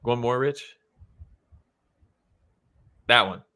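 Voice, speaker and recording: A man's voice: mid-range voice, drawn-out words, bright, forceful tone. A young man co-hosting a podcast, chatting casually about fight photos and swearing freely as he acts out quotes. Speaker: podcast co-host.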